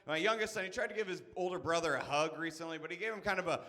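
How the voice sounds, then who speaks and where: A man in his thirties performs stand-up in a high, bright voice. He rants in an exasperated way, swears freely and punches each beat with a quick "okay?". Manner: exasperated, profane ranting with punchy asides; frequent "okay?" and "all right?" tags. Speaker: stand-up comedian. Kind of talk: stand-up comedy set.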